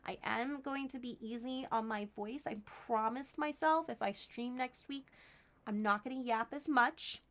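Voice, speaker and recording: A woman's voice: a little high, unhurried, fairly bright tone. A woman streaming live from home, chatting with her viewers while crafting paper snowflakes and thanking them as she goes. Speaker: Twitch streamer.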